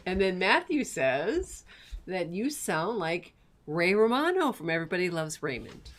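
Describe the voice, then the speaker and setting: A woman co-hosting a live-stream Q&A, reading viewer questions aloud in a giggly, lively way. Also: on the low side, measured pace.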